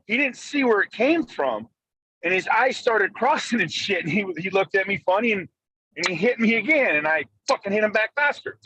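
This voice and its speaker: High-pitched man swearing through a story. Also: moderate pace, a little hiss or hum, rough recording. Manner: profane, excitable storyteller. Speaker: podcast co-host. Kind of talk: casual storytelling chat. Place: in a car, driving.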